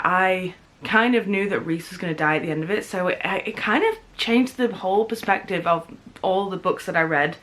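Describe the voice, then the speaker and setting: A woman's voice: mid-range voice, a bit bright. A young woman in her twenties chatting casually at home in a book vlog, gushing and full of fillers. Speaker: book vlogger. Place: home, in pajamas.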